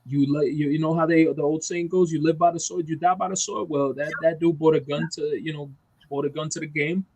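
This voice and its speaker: Man, podcast chat, emphatic profane rant, slightly high voice, dry close sound. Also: fairly even intonation, a little fast, darkish tone, no echo, low-quality recording. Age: adult parent. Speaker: podcast co-host. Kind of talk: heated casual chat.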